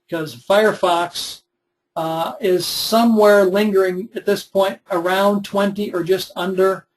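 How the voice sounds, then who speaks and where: A man's voice: sits high, steady tone, unhurried, low-quality recording. A man in his twenties, teaching a recorded web development webinar in a conversational, step-by-step way with frequent fillers. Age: 20s.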